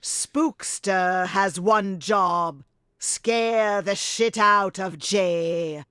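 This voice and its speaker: A synthetic text-to-speech voice flatly reading out viewer messages. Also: mid-range voice, drawn-out words, clean tone, dry recording, studio quality. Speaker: text-to-speech donation reader.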